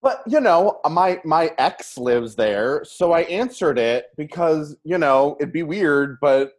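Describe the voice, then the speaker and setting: A woman's voice: sits low, animated, takes it slowly. A woman co-hosting a podcast in casual chat, bubbly and giggly, rambling between stories. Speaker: podcast co-host.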